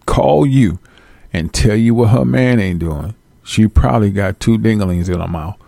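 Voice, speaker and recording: A man giving casual, profane life advice to his viewers, acting out both sides of phone calls in slangy, animated bits. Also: lowish voice, vocal fry, no room sound. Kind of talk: casual direct-to-camera rant.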